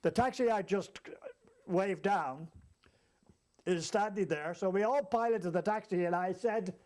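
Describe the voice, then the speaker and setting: A man telling a comic travel anecdote as a storyteller, lively and chuckling along as he goes. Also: sits high, moderate pace. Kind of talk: comic anecdote told to an audience.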